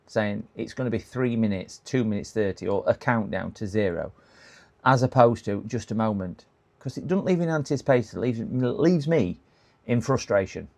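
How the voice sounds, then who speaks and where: A man hosting a computer repair livestream, chatting casually and rambling, his voice going hoarse with frequent throat clearing. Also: mid-range voice, a little mellow. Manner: chatty, rambling, laughs at his own jokes. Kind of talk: casual live-stream chat.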